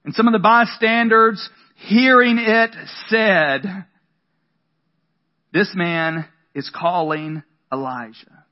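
Young male preacher, high-pitched and conversational, muffled lo-fi capture. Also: steady tone, takes it slowly, long pauses. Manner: conversational preaching with dramatic emphasis. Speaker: pastor. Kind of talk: sermon. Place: room with a congregation. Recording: dull lo-fi sound.

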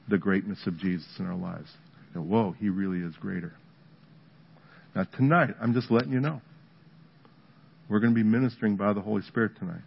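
A man's voice: on the low side, creaky, slightly rough. A man, a pastor, preaching and praying aloud in a church service, in an earnest, conversational way. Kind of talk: sermon with prayer ministry. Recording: dull lo-fi audio with music behind.

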